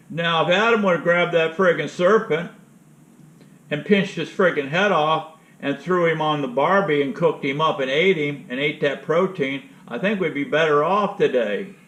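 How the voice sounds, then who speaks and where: A man's voice: a little high, moderate pace, a bit bright. A man hosting an outdoor channel, telling a rambling, blunt story in a casual monologue. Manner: rambling, blunt, retells conversations. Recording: roomy, dull lo-fi sound.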